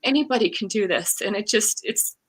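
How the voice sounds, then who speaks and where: A woman's voice: medium pitch, brisk, breathy edge. A woman in her forties, a coach, telling a heartfelt personal story in an interview and acting out the quoted lines. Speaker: guest, coach and card game creator.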